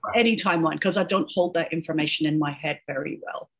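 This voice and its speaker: A woman's voice: low-pitched, fast, slightly rough, highs cut off. A middle-aged woman, an educational linguist, explaining as an interview guest in a chatty way, laughing often and tagging her points with "right?". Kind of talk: casual interview chat.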